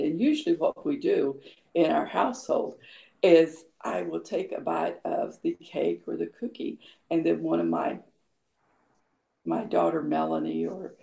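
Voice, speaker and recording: Her deep, creaky, warm voice echoes around the room as this woman in her fifties recounts her own health story as a guest. She's chatty and laughs often, leaning on many fillers and performing the lines she quotes.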